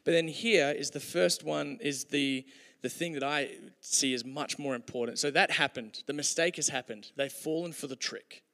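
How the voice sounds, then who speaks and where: Male preacher, fairly high voice, casual joking sermon delivery, reverberant hall sound. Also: moderate pace, vocal fry, hardly any pauses, sharp tone. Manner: conversational, humorous, with hesitations. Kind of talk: sermon with storytelling.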